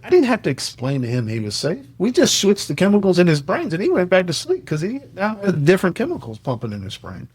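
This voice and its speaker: A man's voice: high-pitched, wildly swooping pitch, fast, hardly any pauses, darkish tone, husky. A middle-aged man on a podcast, earnestly telling a family story and acting out the dialogue. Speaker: podcast host sharing a coaching program. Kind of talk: casual podcast chat, storytelling.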